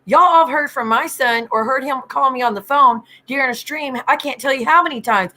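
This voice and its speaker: A woman's voice: high voice, a little fast, hardly any pauses, bright, forceful tone. A woman hosting a casual livestream, greeting viewers by name and ranting bluntly with lots of swearing. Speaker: livestream host.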